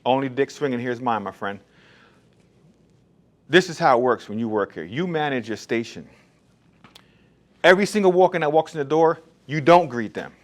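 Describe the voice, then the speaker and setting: Animated and at a moderate pace with long pauses, a barbershop owner with a mid-range voice lays out his shop rules. He speaks bluntly and emphatically in a casual, straight-talking monologue.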